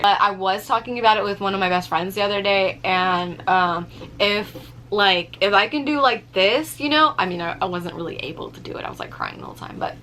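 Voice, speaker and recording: A young woman telling a story in a casual vlog, animated, swearing freely and using lots of fillers. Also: mid-range voice, a little hiss or hum. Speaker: vlogger.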